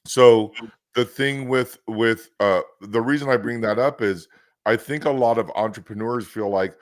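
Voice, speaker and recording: A chatty host with a West Coast American accent, talking in a lowish voice. He tells stories in a loose, rambling way with frequent restarts. The sound is dry and close. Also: a little slow, dry recording. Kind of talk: casual podcast chat.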